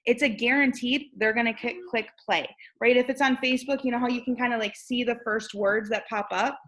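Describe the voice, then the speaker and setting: A woman's voice: fairly high pitch, fairly even intonation, fairly quick, fairly bright tone, poor audio. A young woman coaching on recruiting in a bubbly, chatty way, acting out sample messages and checking in with "right?" as she goes. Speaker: network marketing recruiter and trainer. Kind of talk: casual coaching talk.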